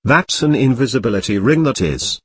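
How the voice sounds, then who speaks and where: A man's voice: medium pitch, lively intonation, moderate pace, slightly rough, dry recording, clean studio sound. A man reading Ron, a sarcastic boy wizard. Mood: chatty.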